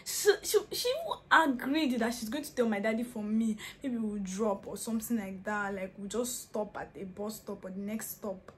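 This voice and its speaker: A woman's voice: mid-range voice, steady tone, moderate pace, few pauses, a little mellow, slight background noise. A young woman tells a funny personal story in a casual vlog, laughing often and dropping into whispers. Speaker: vlogger.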